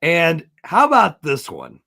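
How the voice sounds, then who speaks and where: A man who coaches, co-hosting a podcast and excitedly telling a story in casual chat, laughing as he goes. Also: on the high side, a little slow, creaky.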